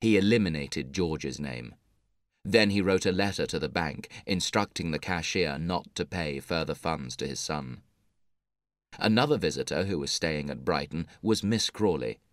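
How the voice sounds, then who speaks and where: A man narrating a story for English learners in a measured, clear reading. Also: very deep voice, animated, dry recording, clean studio sound.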